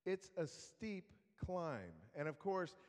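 A man's voice: sits high, very animated, slow pace. A man preaching a sermon, telling a story in a conversational way. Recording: long reverb of a hall.

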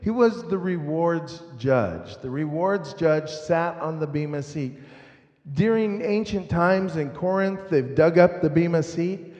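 Slow-preaching man in an echoey hall. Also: a little high, expressive, darkish tone. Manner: slow, emphatic preaching with scripture readings and congregation call-and-response. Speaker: pastor. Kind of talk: sermon.

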